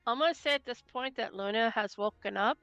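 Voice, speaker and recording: A woman's voice: fairly high pitch, brisk, fairly bright tone, no room sound, muffled recording, faint music behind. A woman playing a tabletop game, describing what her character does. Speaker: player. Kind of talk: casual tabletop play.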